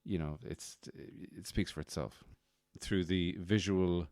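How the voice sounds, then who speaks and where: A man's voice: sits low, steady tone, takes it slowly, a little mellow, no echo, studio quality. A man hosting a podcast, rambling wryly and poking fun at himself in a casual monologue. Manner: wry, self-deprecating, rambling. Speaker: podcast host.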